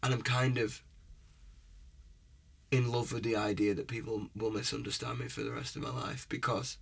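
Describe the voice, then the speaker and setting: A young man speaks as a guest musician in a relaxed interview, his voice husky and sitting fairly low. He talks earnestly in long, rambling stretches and keeps checking that his listener follows him. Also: moderate pace. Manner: earnest and rambling, often asks "you know what I mean?". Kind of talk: casual interview chat.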